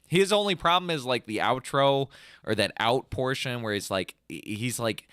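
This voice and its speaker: Animated, rambling young man. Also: mid-range voice, normal speed, smooth, dry recording, clean studio sound. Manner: rambling and animated, full of "like", mimics riffs with "bum" and "dun" sounds. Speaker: podcast co-host and band singer. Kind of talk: casual chat.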